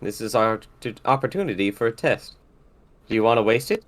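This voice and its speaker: A man plays an arrogant mad scientist with a smug, clipped delivery. The voice swings lively up and down as he lectures and sneers. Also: lowish voice, fairly quick, natural voice.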